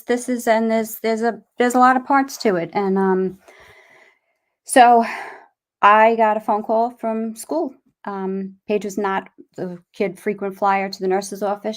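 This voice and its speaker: A middle-aged woman telling a painful personal story as an interview guest. She rambles and restarts often, her pitch in an ordinary middle range. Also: fairly even intonation. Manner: rambling, halting, with many restarts. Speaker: guest, bereaved mother. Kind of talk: emotional personal account.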